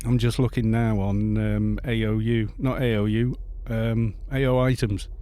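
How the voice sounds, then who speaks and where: Welsh male streamer, warm mellow tone, rambling casual chat at a desk mic. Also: lowish voice, little pitch movement, unhurried, clear, resonant tone. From Wales. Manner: rambling, chatty, reads chat aloud and greets viewers. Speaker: game streamer. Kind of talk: casual live-stream chat while playing.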